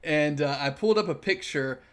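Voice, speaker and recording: Male podcast host, casual and enthusiastic, fairly high voice. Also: a little fast, a bit bright. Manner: enthusiastic, laughs often. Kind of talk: casual interview.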